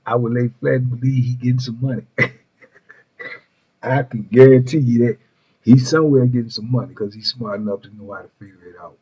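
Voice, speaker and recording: A man's voice: medium pitch, level tone, fairly quick, a little mellow, breathy edge. A middle-aged man telling prison stories as the show's host, in laid-back street slang with rambling asides. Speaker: storyteller host. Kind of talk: casual prison storytelling. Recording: muffled lo-fi recording.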